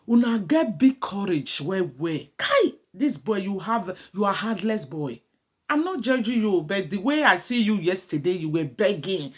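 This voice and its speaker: A middle-aged woman giving a pleading, preachy advice monologue as a vlogger. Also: mid-range voice.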